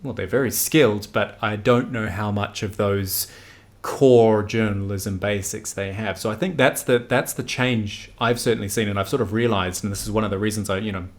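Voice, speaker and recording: A man in his forties, a news anchor, talking in an interview in an animated, emphatic way, often correcting himself mid-sentence. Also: fairly low pitch, normal speed. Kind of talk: conversational interview.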